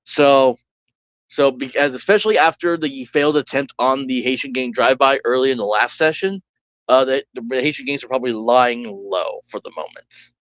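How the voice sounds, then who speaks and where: A man's voice: mid-range voice, normal speed, a bit bright, no room sound, dull audio. Chatty man narrating a solo game. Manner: rambling, chatty, with restarts and asides. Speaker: solo tabletop game player and streamer.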